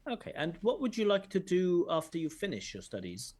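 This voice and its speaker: A male examiner talks through a recorded speaking test, pausing to correct word choice and grammar. He is frank and direct, with a teacherly, explanatory way of speaking. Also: high voice, wildly swooping pitch, darkish tone. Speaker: IELTS examiner giving feedback. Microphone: video call.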